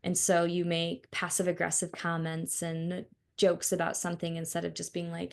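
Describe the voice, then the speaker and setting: A woman's voice: lowish voice, level tone, normal speed, creaky. A woman co-hosting a podcast who talks with clients as a counselor, giving blunt, opinionated views in casual chat.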